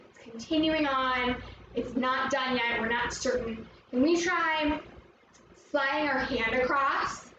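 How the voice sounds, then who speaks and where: A woman's voice: sits high, a bit bright, muffled recording, a little hiss or hum. A woman teaching a children's movement lesson, upbeat and encouraging, explaining each step. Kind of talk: guided movement lesson for kids. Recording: echoey room, mic at a distance, music playing.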